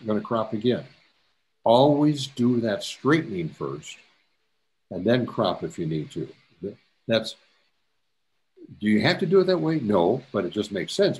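A man giving a step-by-step photography tutorial, his pitch leaping up and dropping down as he explains. He's chatty and patient, restarting phrases and slipping in jokey asides. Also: a little mellow. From Canada. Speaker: photography instructor. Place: presentation to a camera club.

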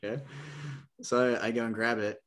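A man's voice: mid-range voice, brisk. A young man from Nebraska, a podcast guest telling a long story, full of "like" and "um", acting out the people in it. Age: young adult. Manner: rambling, full of "like" and "um"; acts out the people in his story with lively quotes. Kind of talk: casual storytelling.

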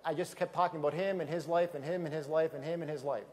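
A man giving an energetic motivational talk on stage with slides, emphatic and repeating key phrases for effect. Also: fairly high pitch, quick pace, in a large hall, slight background noise. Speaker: business opportunity speaker.

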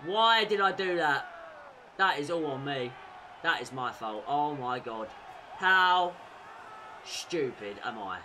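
Excitable gamer shouting over goals. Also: male voice, a little high, slow pace, slight background noise. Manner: swings between loud shouted celebration and muttered frustration. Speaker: gaming YouTuber. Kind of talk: excitable gameplay commentary.

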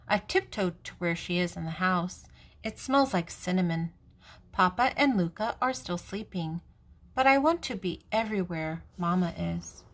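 An older woman, a grandmother, reading a children's picture book aloud in a gentle, even way. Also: on the low side. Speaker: storybook reader.

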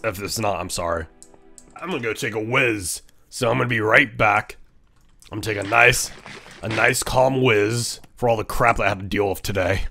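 A man streaming a game, giving casual, excitable commentary, laughing often and teasing other players. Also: fairly low pitch, gravelly.

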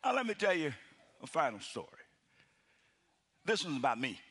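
In a sermon, a middle-aged male pastor acts out a story with animated energy, swinging from shouted lines to hushed near-whispers. His voice sits on the high side and is slightly rough, and he speaks at a moderate pace.

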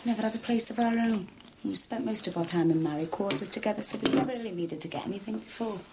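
Brief: actress as an earnest, quick-talking young woman, noisy TV drama audio. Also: medium pitch, lightly acted. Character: earnest young woman planning a home with her fiancé.

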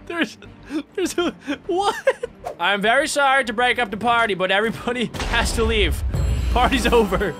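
A young man commenting on a Minecraft game as a gaming YouTuber, excitable and jokey, with sudden high yelps. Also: normal speed. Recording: game music playing clearly behind.

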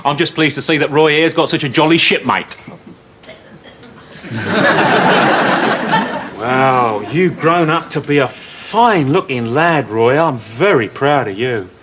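A man's voice: a little high, expressive, slow, long pauses, noisy background. An actor playing a middle-aged ex-navy father, hearty and chummy, dropping nudging innuendo in a sitcom. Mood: jovial. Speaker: visiting father, ex-sailor. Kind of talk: 1990s TV sitcom acting.

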